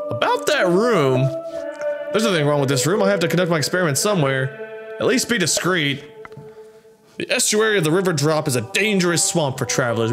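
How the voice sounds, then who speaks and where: A young man talks through a strategy game at his desk, reading the cards and tossing off quick wry remarks. His voice sits a little on the high side. Game music runs clearly underneath the whole time. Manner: chatty, wry, bouncing between reading and quick reactions. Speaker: gameplay commentator. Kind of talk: casual let's-play commentary, reading game cards aloud. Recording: game music playing behind the voice.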